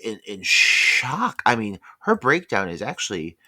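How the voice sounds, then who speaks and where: A man co-hosting a horror podcast, talking in a loose, excitable way full of fillers and cursing. His voice sits fairly low but swings widely in pitch and has a bright, forceful edge. The sound is close and dry. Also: unhurried, dry recording. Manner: animated, swears freely, many fillers. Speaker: podcast co-host. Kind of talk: casual movie discussion.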